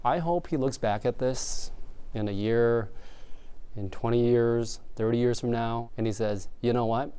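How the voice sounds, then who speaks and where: Earnest man recounting a rescue, dark smooth voice. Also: medium pitch, a little slow. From Vietnam. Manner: earnest, reflective storytelling. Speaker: interviewee, local prosecutor. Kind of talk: emotional first-person recounting.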